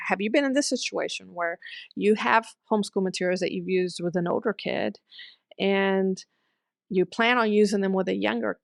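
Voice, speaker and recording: A woman's voice: mid-range voice, creaky, no echo, studio quality. A middle-aged woman casually talking through an online post as the host of a homeschool channel, thoughtful and chatty, with frequent ums and small laughs. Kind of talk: casual commentary reading and discussing an online post.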